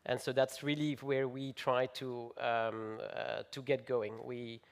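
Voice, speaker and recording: A man speaking as a panelist at a conference, measured with frequent fillers and restarts. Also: mid-range voice, flat delivery, clean tone.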